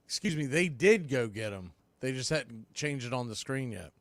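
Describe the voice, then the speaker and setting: A man doing casual live baseball play-by-play on a watch-party stream, chatting between pitches and often repeating words as he explains. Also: lively intonation, normal speed, a bit bright, no echo. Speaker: play-by-play announcer.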